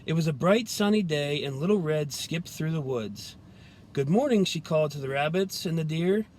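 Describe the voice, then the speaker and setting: A man, a police trooper, reading a children's story aloud in a gentle, expressive storytelling way. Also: on the high side, normal speed, slight background noise.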